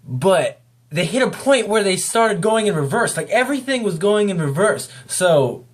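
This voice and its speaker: A man's voice: high-pitched, expressive, moderate pace. A man giving a casual, rambling spoken review of a video, talking off the cuff.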